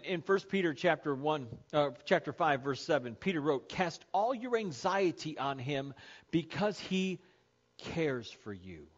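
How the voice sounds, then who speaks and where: The sermon comes through dull and muffled, lo-fi in quality, from a pastor whose voice is notably high. He's emphatic, circling back to key phrases and dragging out the words he wants to hit hardest.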